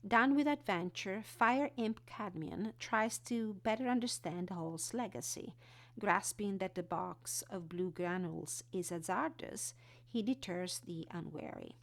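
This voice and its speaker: A woman walking through an oracle card deck, reading card texts and explaining them in an unhurried way. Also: medium pitch, expressive. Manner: unhurried, reads card text then explains with fillers.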